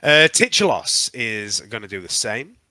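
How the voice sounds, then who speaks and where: A man running a tabletop game as game master, narrating with frequent um pauses. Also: fairly low pitch, very animated, bright, forceful tone, no room sound.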